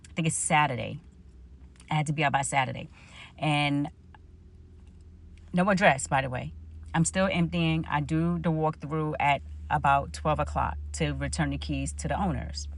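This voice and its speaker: New lady in her 40s telling her faith story, gravelly voice, acts out what everyone said. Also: deep voice. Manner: storytelling, animated retelling of her own dialogue. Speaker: vlogger. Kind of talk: personal faith testimony.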